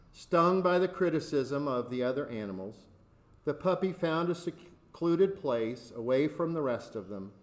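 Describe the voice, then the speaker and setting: A man preaching a sermon and telling a fable, deliberate with measured pauses. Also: fairly high pitch.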